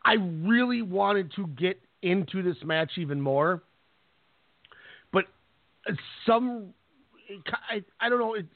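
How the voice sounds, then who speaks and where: A man co-hosting a wrestling talk show in casual chat, rambling with halting restarts. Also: high-pitched, animated, no room sound. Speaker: podcast co-host. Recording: tinny phone line.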